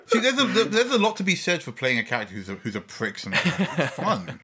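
A man who talks fast in a husky, bright voice. As a podcast regular he is quick, emphatic and teasing in casual chat. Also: a little high, huge pitch swings. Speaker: podcast regular and game master.

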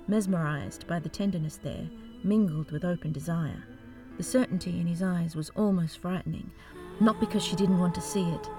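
A woman reading an audiobook in an expressive, dramatic narration style. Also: on the low side. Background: faint music.

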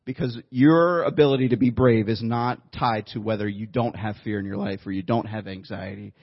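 A man's voice: on the low side, fairly even intonation, moderate pace, dull audio. A man preaching a sermon to a congregation, telling a story in a conversational way and joking with the room. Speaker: pastor. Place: church room before a congregation.

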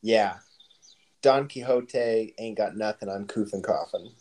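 A man's voice: fairly low pitch, a little mellow. A man co-hosting a podcast, bantering casually and tossing out silly jokes and asides. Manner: jokey, quick with silly asides. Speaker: podcast co-host.

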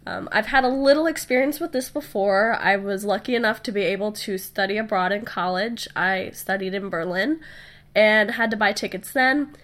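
A woman's voice: medium pitch, moderate pace, fairly bright tone. A young woman with a cold, her voice nasal and stuffy, hosting a casual, chatty podcast episode on her own. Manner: chatty and upbeat, with fillers and small laughs. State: sick with a stuffy nose. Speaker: podcast host. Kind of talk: casual solo podcast talk.

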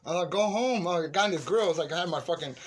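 A man casually telling friends a profane story, acting out the shouting parts. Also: a little high, animated, fast. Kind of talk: casual chat. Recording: noisy room recording.

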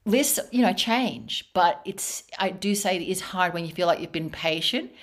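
A woman's voice: lowish voice, normal speed. A young adult woman hosting a podcast, telling a story in a casual, chatty way and laughing often. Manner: laughs often, tells stories with restarts. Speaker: podcast host. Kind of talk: casual interview chat.

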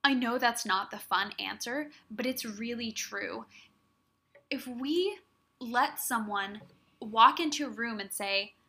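A woman's voice: fairly high pitch, slow pace, bright, forceful tone. A young woman hosting her own podcast, giving an earnest, encouraging solo talk straight to her listeners. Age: young adult. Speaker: podcast host.

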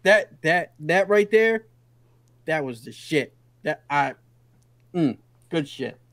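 A man's voice: fairly high pitch, expressive, slow, a bit bright, dry recording. An enthusiastic man co-hosting a casual chat, with a slightly raised voice. He agrees emphatically and drives his points hard. The recording is dry and close. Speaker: podcast co-host.

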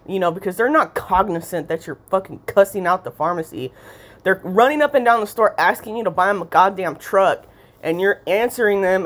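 Swearing, ranting young woman. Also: on the low side. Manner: swears constantly, rambling, sarcastic, mocking impressions. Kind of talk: casual ranting storytime.

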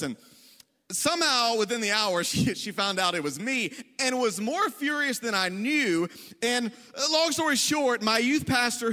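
High, bright-voiced joking preacher. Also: male voice. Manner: self-deprecating, joking, conversational. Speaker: pastor. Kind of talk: storytelling sermon. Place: church hall. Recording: long reverb of a large hall.

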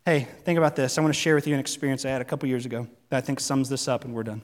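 A man's voice: a little high, steady tone, racing, few pauses. A man in his thirties preaching a sermon in a church, earnest and conversational, full of rhetorical questions. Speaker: pastor. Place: church sanctuary. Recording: long reverb in a large hall.

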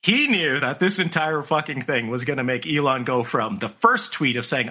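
A man talks casually on a podcast and tells a story full of swearing, mocking the people he quotes in put-on voices. His voice is husky yet bright, and his pitch swings widely as he gets worked up. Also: expressive, moderate pace, hardly any pauses.

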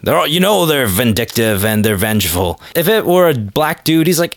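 A man hosts his own podcast solo in a dry, close recording with no room sound. He rambles casually and mocks himself, swearing freely. His pitch sits right in the ordinary male middle. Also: big pitch swings, moderate pace, no room sound. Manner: rambling, self-deprecating, profane. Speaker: podcast host.

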